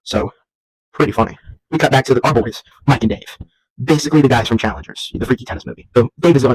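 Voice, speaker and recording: A man's voice: mid-range voice, fast talker, breathy edge, poor audio. A young man hosting a casual comedic vlog at home, rambling and jumping into silly voices. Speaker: vlog host. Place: at home while folding laundry.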